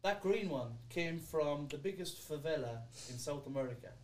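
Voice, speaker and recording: A man with an Irish accent, explaining things in a casual podcast chat, talking quickly and swearing freely. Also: on the high side, expressive. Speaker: podcast guest.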